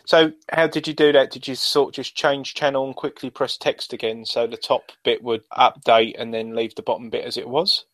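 A man co-hosting a casual podcast chat, chatty with quick asides. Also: mid-range voice, little pitch movement, a bit bright, no echo. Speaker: podcast co-host.

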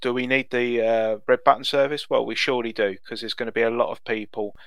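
A man's voice: medium pitch, little pitch movement, fast talker, a bit bright, dry recording. A man co-hosting a podcast, explaining things in a rambling casual way with many ums and uhs. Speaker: podcast co-host.

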